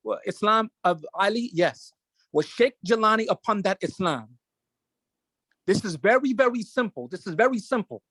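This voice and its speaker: A man's voice: high-pitched, a bit bright, dry recording. A man hosting a show, speaking emotionally and emphatically in a preaching cadence, repeating his phrases for weight. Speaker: show host. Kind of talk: impassioned commentary.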